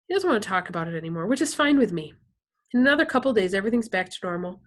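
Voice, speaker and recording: Casting: a woman narrator, expressive storybook reading, mid pitch. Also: rapid-fire. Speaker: reader. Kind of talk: reading a novel aloud.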